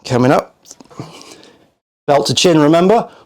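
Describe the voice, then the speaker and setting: A man's voice: a little high, animated, measured pace. A man coaching a home workout, out of breath, counting reps aloud and encouraging. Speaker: fitness coach.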